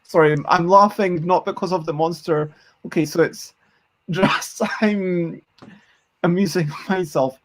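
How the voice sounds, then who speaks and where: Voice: mid-range voice, steady tone, a little slow. A streamer hosting a casual game design session, thinking aloud and counting out numbers. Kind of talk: casual live-stream chat.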